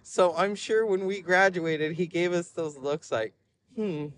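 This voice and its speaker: A man hosting a podcast, telling rambling stories in an animated way with frequent laughs. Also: sits high, a little slow, no room sound. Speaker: podcast host. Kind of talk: casual rambling monologue.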